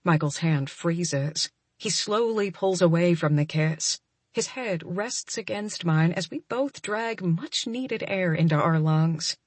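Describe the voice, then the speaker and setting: A young adult woman narrating a first-person romance audiobook, soft and emotional, often close to a whisper. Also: on the low side, takes it slowly, slightly rough, no echo.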